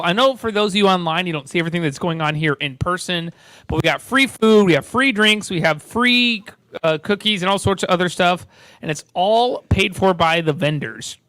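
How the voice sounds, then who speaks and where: An upbeat man emceeing a live event in an indoor space, loose and chatty with punchy exclamations. His voice sits high and rings bright. The sound is dry and close. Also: expressive, a little fast, no room sound.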